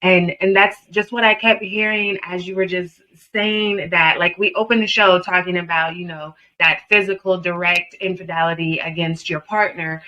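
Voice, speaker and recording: A woman with a low, bright and forceful voice hosts an earnest conversational interview. She leans on her points and fills her talk with "like". The audio sounds dull and lo-fi. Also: steady tone, moderate pace, hardly any pauses. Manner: earnest, emphatic, peppered with "like". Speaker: podcast host.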